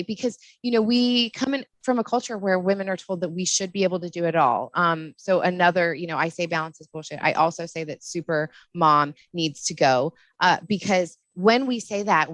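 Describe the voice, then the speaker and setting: A middle-aged woman, a postpartum doula, talking in a casual podcast interview, passionate and animated, laughing often. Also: on the low side, brisk, hardly any pauses, no room sound. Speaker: postpartum doula and lactation counselor.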